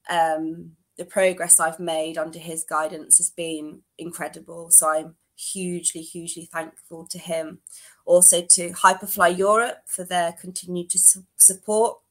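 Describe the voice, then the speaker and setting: A woman's voice: on the low side, bright, forceful tone. A woman on a podcast, a competing athlete, giving thanks in casual chat. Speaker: co-host and guest athlete.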